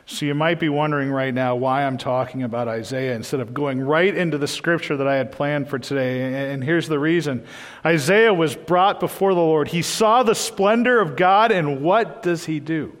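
A man's voice: on the high side, moderate pace, long reverb tail. A man preaching a sermon in a church, earnest and emphatic, often repeating his phrases.

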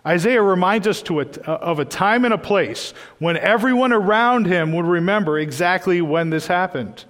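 A man's voice: sits high, moderate pace, fairly bright tone, big-room sound. A man preaching a sermon in a church, earnest and emphatic, often repeating his phrases.

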